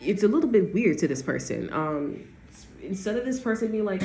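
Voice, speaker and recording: A woman's voice: mid-range voice, animated, fairly quick, warm tone. A woman giving a casual tarot reading, rambling and giggly, cursing freely and tagging lines with "okay?". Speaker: tarot reader. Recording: echoey room with faint ambient noise.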